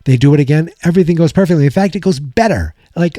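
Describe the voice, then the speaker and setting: Young guy podcast host rambling thru an episode recap, mellow dark voice, dry close mic. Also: a little high, fast talker, dry recording. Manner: rambling, animated retelling with quoted lines.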